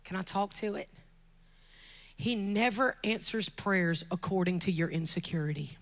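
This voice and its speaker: A woman preaching a lively sermon from a church pulpit, joking with the congregation, shouting at her peaks and dropping to soft, intimate tones. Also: fairly low pitch, normal speed. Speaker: guest preacher.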